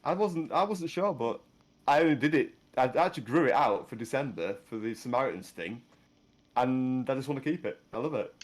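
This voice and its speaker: A man's voice: mid-range voice, animated, fairly quick. A man chatting casually on a podcast, rambling and laughing often. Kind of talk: casual chat.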